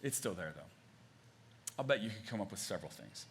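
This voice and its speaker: Bright, animated man preaching a sermon. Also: lowish voice, fairly quick. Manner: conversational and animated, many fillers and restarts, acts out quotes. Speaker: pastor. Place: church stage.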